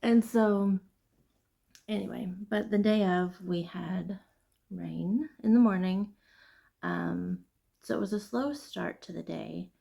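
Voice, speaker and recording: A woman hosting a casual knitting vlog, chatting and venting in an animated, chatty way. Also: mid-range voice, takes it slowly, creaky, long pauses. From Midwest United States. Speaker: knitting podcast host. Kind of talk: casual chat.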